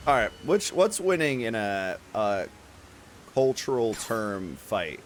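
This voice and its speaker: A man's voice: on the low side, very animated, takes it slowly, a little hiss or hum. A man streaming a game, reacting with playful, joking commentary.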